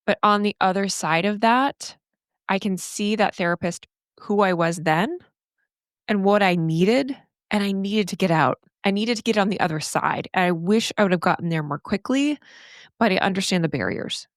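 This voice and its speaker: A woman's voice: medium pitch, normal speed, dry recording. Earnest woman podcaster, dry close sound. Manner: earnest, candid, animated, casual swearing and laughs. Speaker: podcast host and therapist coach. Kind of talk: solo podcast monologue.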